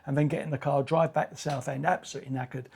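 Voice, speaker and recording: An older man from England, a comedian telling a long anecdote, animated and acting out what people said. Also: mid-range voice, racing, creaky, breathy edge. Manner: animated, acts out quotes, restarts and repeats words. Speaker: comedian guest. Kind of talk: anecdotal storytelling.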